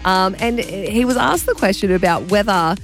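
A woman's voice: mid-range voice, moderate pace, soft background music. A woman radio host reading an entertainment news segment in a breezy, chatty way.

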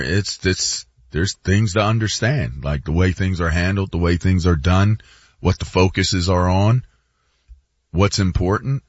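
A man co-hosting a casual sports talk show, rambling with halting restarts. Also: low-pitched, no echo, dull audio.

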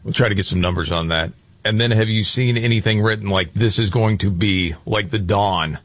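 A man's voice: fairly low pitch, fairly quick, no room sound. A man hosting a casual talk show, chatting with co-hosts in an emphatic, conversational way. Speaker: host.

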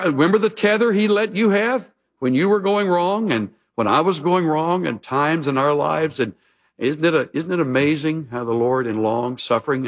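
A male pastor delivering a sermon with folksy, humorous storytelling. His voice sits a bit high and swings widely in pitch as he stresses his points.

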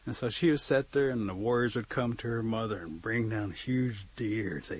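A man telling a folk tale to listeners, lively, acting out the scenes and joking aside. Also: lowish voice, brisk, hardly any pauses, breathy edge. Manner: lively, acts out voices, aside jokes. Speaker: storyteller. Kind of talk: oral folk storytelling. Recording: dull lo-fi recording.

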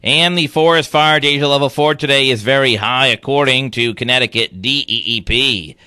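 A male radio news anchor with a bright, crisp voice. He reads in a steady newsreader style from a dry, close studio microphone. He also chats easily on air. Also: mid-range voice, moderate pace, dry recording. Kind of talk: radio newscast and on-air chat.

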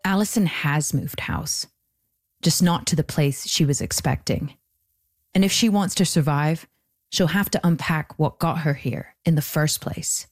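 A woman hosting and narrating a documentary podcast from a script, with a measured delivery. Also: sits low.

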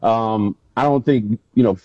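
A man, a former pro football player, telling animated stories as a guest in an interview. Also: on the low side, a little slow, no echo. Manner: animated storyteller, acts out quotes. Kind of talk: casual interview storytelling. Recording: dull lo-fi sound, dry.

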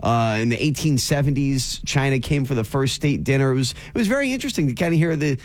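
A man co-hosting a radio talk show, chatting in a quick, excitable way. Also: mid-range voice. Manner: quick, excitable, self-described nerd. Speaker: radio co-host. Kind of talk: casual chat.

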